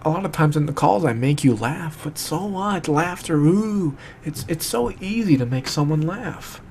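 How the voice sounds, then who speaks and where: A young man speaking straight to the camera in an emotional monologue, distraught and fighting back tears, halting and repetitive, swearing as he searches for words. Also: on the high side, animated, a little mellow, slight background noise. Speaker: video maker addressing a friend.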